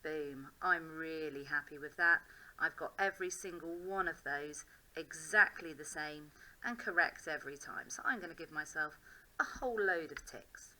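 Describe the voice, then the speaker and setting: Bright-voiced English woman teaching. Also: low-pitched, moderate pace, low-quality recording. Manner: thinking aloud while writing, upbeat and self-encouraging. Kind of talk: classroom demonstration.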